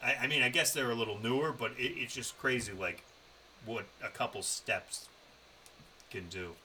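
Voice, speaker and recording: A man's voice: mid-range voice, normal speed, sharp tone, slight background noise, rough recording. A man co-hosting a podcast, telling a road-trip story in a loose, profane, casual way. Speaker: podcast co-host. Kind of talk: casual chat.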